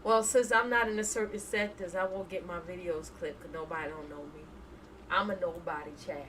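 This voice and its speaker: A woman's voice: lowish voice, fairly even intonation, brisk, a bit bright, far from the mic, a little hiss or hum, poor audio. A woman hosting a casual live stream, chatting and laughing as she reads viewer emotes aloud. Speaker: reaction streamer.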